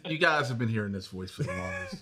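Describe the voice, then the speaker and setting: Male co-host, lively voice, acts out the scenes, crowd heard behind. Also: lowish voice, quick pace. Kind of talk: casual TV review chat.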